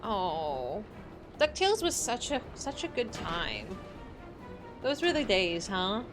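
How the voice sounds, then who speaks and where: A woman's voice: mid-range voice, wildly swooping pitch, slow pace, over music. A woman streamer giving casual, joking commentary while she plays. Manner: chatty, joking.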